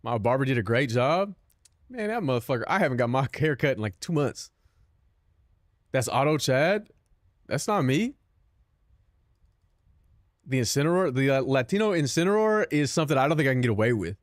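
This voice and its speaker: A man's voice: mid-range voice, very animated, moderate pace, pauses often, no echo, clean studio sound. A young man streaming and chatting casually with his viewers, joking, swearing and mocking himself. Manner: self-mocking, profane, joking.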